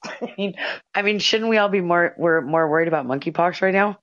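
A hoarse woman with a cold, chatting and sounding indignant as a podcast co-host. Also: low voice, fairly quick, fairly bright tone, dull audio. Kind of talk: casual chat.

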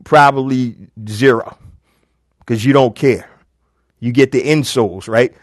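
A man's voice: mid-range voice, measured pace, no room sound. Casual middle-aged man, dry close sound. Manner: casual, chatty, storytelling with quoted dialogue. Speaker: business coach host. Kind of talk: live Q&A advice talk.

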